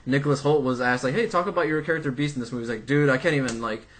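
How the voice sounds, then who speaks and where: A young man co-hosting a casual movie podcast, excitable and rambling, full of fillers and restarts. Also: mid-range voice, rapid-fire, a loud crowd. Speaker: podcast co-host.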